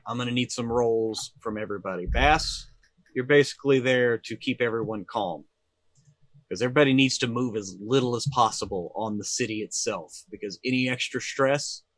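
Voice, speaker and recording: A man runs a tabletop role-playing session, narrating the scene in a relaxed, unpolished way full of fillers. His voice sits mid-range and the recording is dry with little room sound. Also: mid-range voice, dry recording. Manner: casual, many fillers and restarts. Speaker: game master.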